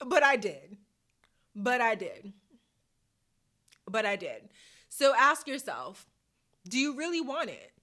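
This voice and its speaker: A woman's voice: fairly high pitch, big pitch swings, slow, long pauses, pushed and bright. A woman hosting a motivational podcast to camera, chatty and playful with sassy slang, laughing often. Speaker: podcast host. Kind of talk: casual motivational talk to camera. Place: hot room at home. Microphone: camera mic.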